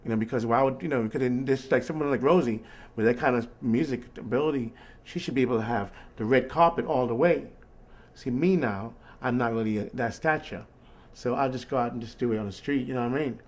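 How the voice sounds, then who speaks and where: A fast-talking man with a medium-pitched voice hosts a casual call. He spins an animated, rambling story about being a street musician, often asking "you know what I mean."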